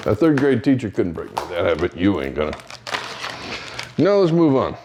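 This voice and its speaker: Talkative home-cook host, man, playful and very lively in pitch. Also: moderate pace, noisy background. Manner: chatty, jokey, talks a lot. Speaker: home cooking video host. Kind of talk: casual cooking demonstration. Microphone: new mic setup.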